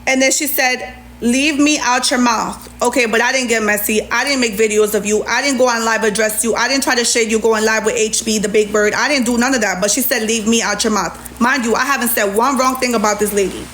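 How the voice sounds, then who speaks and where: A woman's voice: fairly high pitch, steady tone, fast, few pauses, a bit bright. A middle-aged woman ranting sarcastically on a live stream, reading messages aloud and answering them with indignation. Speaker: livestreamer. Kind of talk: heated TikTok live rant.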